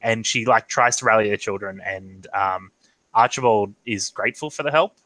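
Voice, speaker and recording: A man narrates a tabletop game as game master over a video call, his voice bright and forward. He pauses often with ums and restarts as he sets the scene. The sound is dry, with no room around it. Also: on the low side, no echo, low-quality recording. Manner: hesitant, full of ums and restarts. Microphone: online video call.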